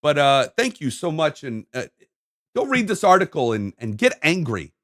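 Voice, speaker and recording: High, animated ranting man. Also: moderate pace. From United States. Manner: ranting, emphatic, repeating phrases. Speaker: video host. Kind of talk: heated solo monologue to camera.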